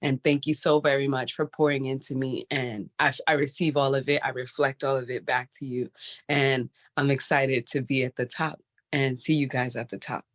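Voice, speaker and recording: A woman's voice: a bass voice, steady tone, moderate pace, no echo. A woman on a group video call thanking the host, emotional and close to tears. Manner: emotional, grateful, fighting back tears. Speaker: call participant.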